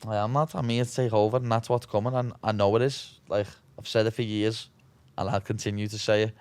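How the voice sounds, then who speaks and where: A man's voice: on the low side, level tone, a little fast, a little mellow, smooth, no echo. A young man with a Scouse accent being interviewed, blunt and brash, swearing freely and calling everyone "lad". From Liverpool, England. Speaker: interview guest, fighter. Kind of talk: casual interview chat.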